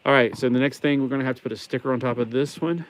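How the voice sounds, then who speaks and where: A man with a mild Southern American accent talks at a racing clip while building a toy set on a livestream. His medium-pitched voice stays fairly even as he rambles casually and cracks wordplay jokes.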